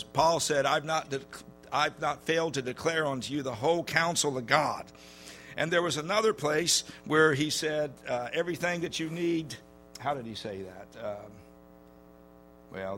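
A man preaching a sermon in a church, telling stories in a folksy way with many halting fillers. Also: medium pitch, sharp tone.

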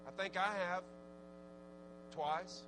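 A man preaching a sermon, swinging from fervent exhortation to low, conversational asides. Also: fairly even intonation, takes it slowly, a little hiss or hum, rough recording. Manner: rising to fervent shouted exhortation, then dropping low and conversational.

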